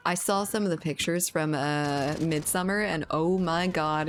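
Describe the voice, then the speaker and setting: Woman, livestreamer, casual chat, giggly, lower-pitched, faint background noise. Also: slow, pauses often. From Louisiana. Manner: giggly, chatty, swears casually.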